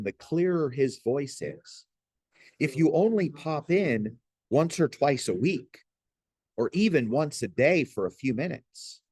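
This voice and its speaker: A man with a mid-pitched voice gives a spoken faith lesson in an earnest, pastoral way, reaching for homely examples. The sound is dry and close, with no room echo. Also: darkish tone. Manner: earnest, pastoral, folksy illustrations. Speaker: Christian teacher. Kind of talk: gentle spoken teaching.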